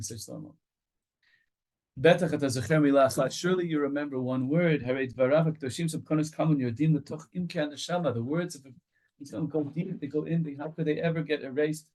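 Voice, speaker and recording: Rabbi reading and translating a Hebrew text. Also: male voice, fairly high pitch, quick pace. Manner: reads Hebrew lines aloud, then translates them into English; animated storyteller, with repetitions and restarts. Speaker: rabbi teaching a study group. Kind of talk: Torah study lecture.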